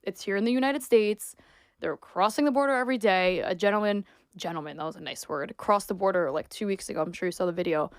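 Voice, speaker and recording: A young woman, a guest on a talk podcast, speaking emphatically and indignantly in quick bursts. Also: mid-range voice, clean tone, dry recording, clean studio sound. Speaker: guest, sports reporter and influencer. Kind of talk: opinionated podcast conversation.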